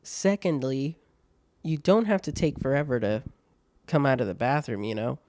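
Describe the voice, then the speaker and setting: Mellow-voiced man reading stories, laughing. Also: mid-range voice, big pitch swings, moderate pace, no room sound. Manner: laughing, swearing, mocking asides. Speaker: podcast host. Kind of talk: reading online stories aloud with commentary.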